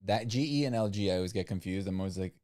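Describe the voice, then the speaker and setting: A man's voice: sits low, very fast, dark tone. A man co-hosting a casual livestream, talking in a rambling, skeptical way with lots of "like" and "um.". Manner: rambling and skeptical, many "like" and "um" fillers. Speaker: livestream co-host.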